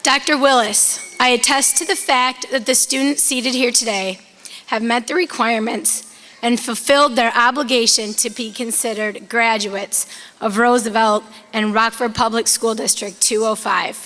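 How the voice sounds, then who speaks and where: A woman, a school administrator, making a formal, measured announcement at a graduation ceremony. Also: a little high, fairly even intonation, fairly bright tone. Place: large auditorium. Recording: echoey hall with long reverb.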